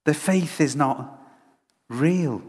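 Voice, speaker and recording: A man's voice: fairly high pitch, drawn-out words, husky. A man preaching a conversational sermon, telling stories with lots of restarts. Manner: animated storytelling with frequent restarts. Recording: long hall reverb.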